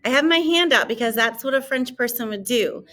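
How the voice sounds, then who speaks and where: A woman French teacher giving a recorded classroom lesson, modeling each French word in a raised, drawn-out voice for students to repeat. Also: fairly high pitch, lively intonation, sharp tone.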